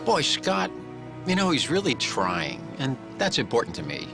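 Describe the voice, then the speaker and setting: Earnest man, mid-pitched voice. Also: huge pitch swings, moderate pace, gravelly, over music. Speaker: reality show cast member. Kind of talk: confessional reality commentary.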